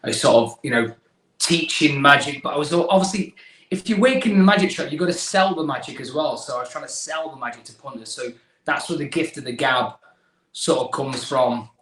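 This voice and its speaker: His slightly high, somewhat bright voice moves briskly as the young English magician recounts his story to a video-call interviewer, chatty and self-deprecating with many false starts. The low-quality recording sounds roomy.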